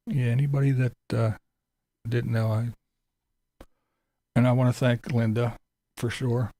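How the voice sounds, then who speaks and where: A man's voice: medium pitch, gravelly, warm tone, dry recording. A man hosting a casual livestream, greeting viewers by name and chatting loosely. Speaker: livestream host.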